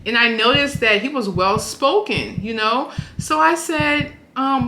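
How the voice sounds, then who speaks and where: A woman's voice: sits high, big pitch swings, unhurried, few pauses, reverberant, background noise. A woman in her thirties, a family vlogger, chatting casually about how she met her husband, flustered and giggly, often tacking on "okay?". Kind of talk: casual storytelling chat.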